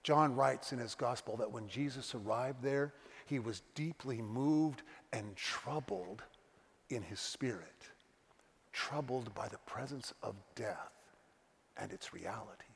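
Middle-aged male pastor, mid-pitched, earnest confessional sermon delivery, long church reverb. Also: takes it slowly, creaky, slight background noise. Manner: earnest, confessional storytelling with acted quotes. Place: church sanctuary.

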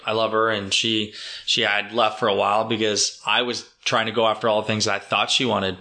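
A man's voice: on the low side, pushed and bright. A man hosting a podcast, chatting casually and eagerly, asking follow-up questions. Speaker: podcast host. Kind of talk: casual interview chat.

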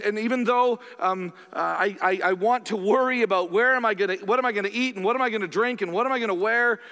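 Bright-voiced pastor preaching in a reverberant hall. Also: male voice, high voice. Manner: conversational, animated, with quick asides to the congregation. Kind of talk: sermon. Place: church sanctuary.

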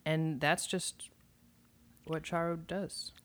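Deadpan, whimsical podcast host. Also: mid-range voice, slow. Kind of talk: casual chat.

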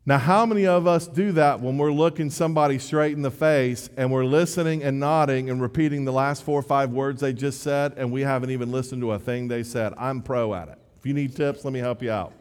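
A man's voice: mid-range voice, brisk, few pauses. A man giving a sermon in a conversational, self-deprecating way, often restarting his sentences. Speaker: preacher. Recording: long hall reverb.

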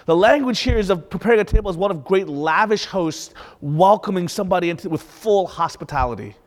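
A man's voice: high voice, animated, fairly quick, big-room sound. A young man preaching a sermon in a conversational way, with rhetorical questions and light laughs. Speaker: pastor.

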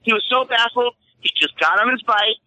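A man co-hosting a podcast, telling profane, animated anecdotes in casual chat and acting out the people in them. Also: very high voice, a little fast, lo-fi sound. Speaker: podcast co-host.

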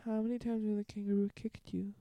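Young male co-host fighting a cold, mild and soft, dark mellow timbre, dry mic. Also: high voice, level tone, quick pace, gravelly, dry recording. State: sick, low energy. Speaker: podcast co-host, musician. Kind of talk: casual chat.

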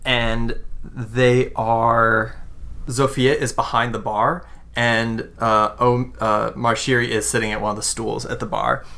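A woman with a very deep voice runs a tabletop game as its game master. She describes scenes at an easy pace, stopping often on little fillers. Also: flat delivery, creaky, a bit bright. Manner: halting, with many fillers.

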